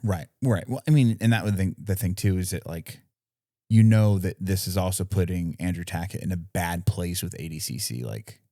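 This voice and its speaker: Deep-voiced laid-back podcast co-host. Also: male voice, normal speed, mellow, no room sound, studio quality. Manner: laid-back, swears casually. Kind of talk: casual chat.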